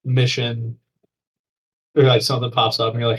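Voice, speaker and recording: A man's voice: mid-range voice, flat delivery, normal speed, a bit bright, low-quality recording. A man co-hosting a casual call-in show, talking enthusiastically and with dry wit. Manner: enthusiastic storyteller, wry.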